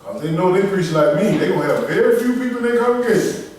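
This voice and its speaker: A man preaches with emphatic force, urging a reader on between passages. His higher voice rings through a very reverberant room. The mic sits some way off, with faint room ambience behind him. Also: animated, fast talker, a little mellow, distant mic, slight background noise. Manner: emphatic, preaching in dialect with call-and-response to a reader. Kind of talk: sermon.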